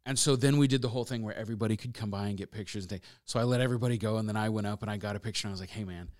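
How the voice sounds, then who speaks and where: A man who works as a radio DJ, guesting on a show and telling a story in a lively way, laughing often and rattling off quick asides. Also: lowish voice. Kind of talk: casual storytelling.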